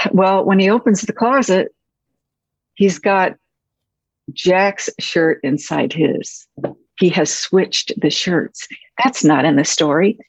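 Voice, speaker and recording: A woman screenwriter reflecting on a film shoot, speaking softly and haltingly, with many pauses and restarts. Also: lowish voice, breathy edge, dry recording. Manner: soft-spoken, halting, with frequent pauses and restarts. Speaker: screenwriter guest. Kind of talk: reflective anecdotal storytelling. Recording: dull, muffled audio.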